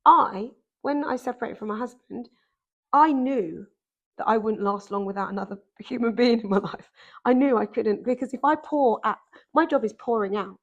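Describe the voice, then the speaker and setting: A woman, a podcast guest telling a personal story in an animated, emphatic way. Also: on the high side, normal speed, lo-fi sound. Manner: animated, emphatic, acts out quoted voices. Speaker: podcast guest, dancer and author.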